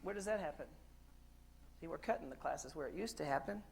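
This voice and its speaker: A man from the United States giving a conference keynote in a lively, joking storytelling way, asking the crowd questions. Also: on the high side, brisk, vocal fry, slight background noise. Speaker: keynote speaker. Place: conference hall stage.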